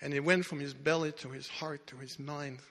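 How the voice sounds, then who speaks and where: A man's voice: fairly high pitch, fairly even intonation, moderate pace, creaky, a bit bright. A man preaching a sermon, telling a story dramatically with emphatic restarts. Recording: echoey hall reverb.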